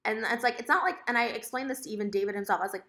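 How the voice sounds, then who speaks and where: Fast, bright-voiced woman vlogger ranting. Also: a little high. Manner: rambling, heavy on filler words, emotional. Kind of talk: casual storytime rant to camera.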